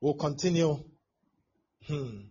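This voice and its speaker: A man's voice: a little high, takes it slowly, dark tone, slightly rough. A male pastor preaching a sermon, acting out scenes with exclamations and laughter. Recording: dull lo-fi sound with faint background noise.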